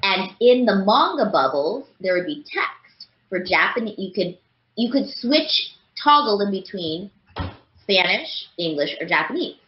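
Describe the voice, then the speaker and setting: A woman's voice: mid-range voice, sing-song, unhurried. A woman voice actress chatting as an interview guest, rambling with lots of fillers. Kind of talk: casual interview chat. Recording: roomy, dull lo-fi sound.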